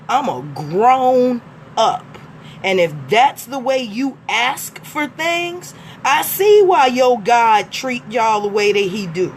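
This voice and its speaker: Woman going off on a live stream, high voice, cussing hard, gets loud, faint noise behind. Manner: blunt, profane, emphatic, swings to shouting. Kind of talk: profane ranting monologue.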